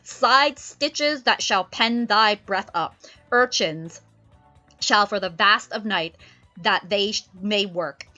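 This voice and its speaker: A woman voicing a stern, angry old male sorcerer, declaiming Shakespearean verse slowly and loudly. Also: mid-range voice, voice pushed up. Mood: scornful. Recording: slightly dull lo-fi stream, faint music.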